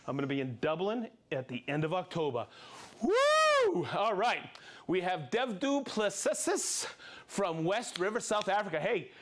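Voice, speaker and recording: A man with a notably high voice hosts a live stream from a workshop studio. He is from South Florida and reads out viewers and where they are watching from, playful and upbeat, with bursts of whoops. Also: lively intonation, normal speed, a little hiss or hum. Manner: upbeat, playful, calling out names and places with whoops. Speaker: livestream host.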